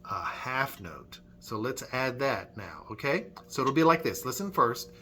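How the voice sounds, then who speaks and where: A man's voice: medium pitch, sing-song, measured pace, hardly any pauses, very noisy. A man leading a children's Sunday school music lesson at church, friendly and patient, clapping and chanting rhythms.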